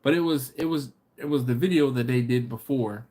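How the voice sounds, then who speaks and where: His mid-range voice has a dark tone as he runs a casual livestream. Reading viewers' comments aloud, he jokes and teases in a chatty way, punctuated by quick laughs.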